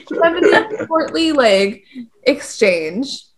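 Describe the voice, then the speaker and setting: A woman's voice: a little high, expressive, unhurried, very noisy. A young woman co-hosting, casually explaining a classic poem in a slangy, joking way. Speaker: co-host.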